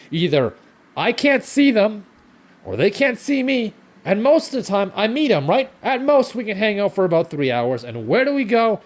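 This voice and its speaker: A young man rants into the camera from his kitchen, sarcastic and fed up, cursing freely. His pitch swings widely between highs and lows as he vents. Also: darkish tone. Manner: frustrated, sarcastic, swearing often. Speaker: vlogger. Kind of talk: ranting vlog while cooking. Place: home kitchen.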